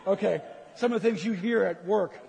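A man's voice: sits high, brisk, vocal fry, darkish tone. A man preaching a humorous sermon, teasing the congregation and acting out grumbling complaints. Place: church sanctuary. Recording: reverberant church hall.

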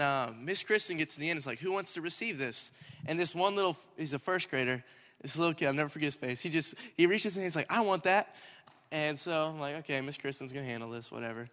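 A young man, a minister, telling a story in a lively sermon and rising to shouts at times. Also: a little high, a little fast. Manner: animated, talks in circles, rising to shouts. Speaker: youth minister. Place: church hall. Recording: hall reverb.

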